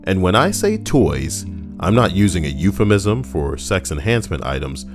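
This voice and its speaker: A man with a very low voice reads stories aloud for his channel. His pitch swings widely as he drifts into joking, rambling asides and tosses in casual swearing. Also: big pitch swings, moderate pace, over music. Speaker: channel host reading stories. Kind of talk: reading stories with joking commentary.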